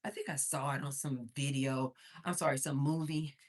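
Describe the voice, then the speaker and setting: With an extremely low, slightly rough voice and fairly even intonation, a Missouri woman speaks at a moderate pace. She's hosting a casual livestream, chatting, laughing frequently and reading viewer comments aloud, a little out of breath from moving.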